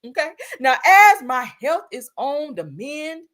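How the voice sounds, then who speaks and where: A woman's voice: high-pitched, sing-song, a bit bright, pitched above the performer's own voice, exaggerated voice. A woman putting on an over-dramatic, fragile weeping woman who draws out each phrase and sighs between lines. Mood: melodramatic sobbing. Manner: slow, quavering, sighing "Lord" between phrases.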